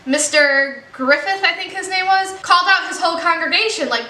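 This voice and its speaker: A young woman gives a chatty, earnest film review, her voice high and bright. She fills her talk with casual fillers, and the recording has a noticeable roomy echo. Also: a little fast. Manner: chatty, earnest, many "like" and "you know" fillers. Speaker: movie reaction vlogger.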